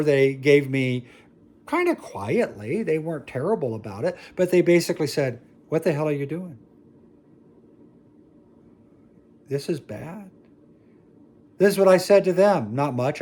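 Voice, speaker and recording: Man telling stories in a jokey talk. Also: a little mellow. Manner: jokey, self-mocking storytelling with sudden high exclamations. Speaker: speaker on family dynamics. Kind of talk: talk to an audience.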